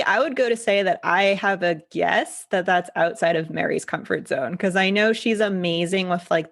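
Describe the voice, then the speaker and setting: A woman's voice: lowish voice, gravelly. A woman who is a life coach, speaking as a podcast guest in a thoughtful, reflective way. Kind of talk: casual interview chat.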